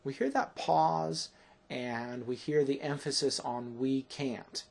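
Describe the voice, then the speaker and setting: A middle-aged man gives a classroom grammar lesson. His voice is gravelly and a little husky. He explains step by step and keeps checking in with his listeners. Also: on the high side, animated, unhurried, a little mellow. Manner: explanatory, often checking with "right?". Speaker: teacher.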